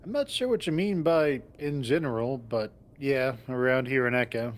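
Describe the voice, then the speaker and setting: A man reading a visual novel aloud in the first person, with wry asides and a plain, mid-pitched voice. He slips between describing the scene and talking as the lead. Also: lively intonation, normal speed. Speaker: narrator and lead voice actor. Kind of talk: visual novel narration and acting.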